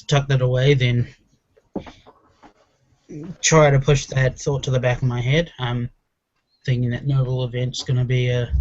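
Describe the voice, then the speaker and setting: A man playing a tabletop game, speaking measured and drily amused. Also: medium pitch, darkish tone, highs cut off. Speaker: player.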